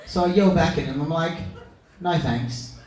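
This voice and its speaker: A man's voice: a little high, fast, recorded from a distance, heavy background noise. A young man hosting a comedy night as MC, brash and teasing the crowd, swearing freely. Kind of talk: stand-up crowd work. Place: pub function room on stage. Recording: echoey room, mic from afar, crowd.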